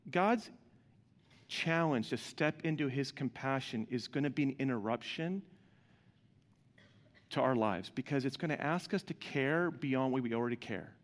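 Male pastor with a slightly high voice, lively preaching with questions to the room, in a hall with long reverb. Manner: animated, asks the congregation questions. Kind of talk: sermon.

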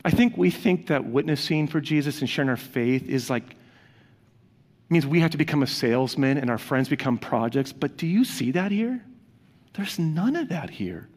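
A pastor preaches to his congregation in an earnest, conversational way, his voice fairly high and darkish with lively intonation at normal speed. A large hall's long reverb surrounds him.

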